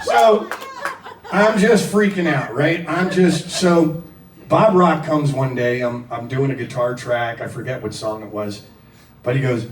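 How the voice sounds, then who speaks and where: A man from Philadelphia, a rock singer, telling a casual anecdote in an animated, profane, self-deprecating way and acting out the quotes. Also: mid-range voice, a little slow, a little hiss or hum. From Philadelphia, USA. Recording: roomy echo, distant mic, faint music.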